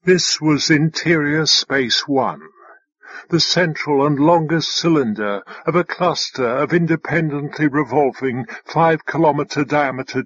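A man reading a novel aloud as an audiobook narrator, measured and unhurried. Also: on the high side, a bit bright, breathy edge, no room sound, dull audio. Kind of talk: scripted narration.

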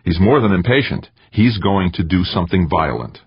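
A man reading the part of a calm, manipulative woman who coaxes her ally in an audiobook. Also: deep voice, normal speed, gravelly, husky, no echo, voice pushed up, exaggerated voice. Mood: coolly persuasive. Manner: cool and coaxing. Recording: dry, dull lo-fi audiobook recording.

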